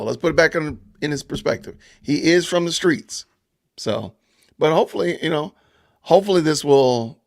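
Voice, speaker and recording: A man hosting a casual live stream, animated and laughing often as he reads viewer comments aloud. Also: medium pitch. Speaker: podcast host reading live chat.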